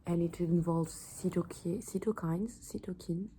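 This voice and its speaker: Young woman, French accent, low voice, very mellow dark tone, casual study explainer, stops to correct words. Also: fairly even intonation, a little slow, slight background noise, poor audio. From France. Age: 20s. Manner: hesitant, self-correcting, reads terms from notes. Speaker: student explaining revision notes.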